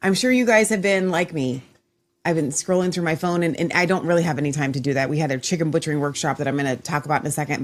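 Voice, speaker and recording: A woman hosts her own show in a loose, casual chat. She rambles, restarts her sentences and speaks in a slightly low voice. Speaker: host.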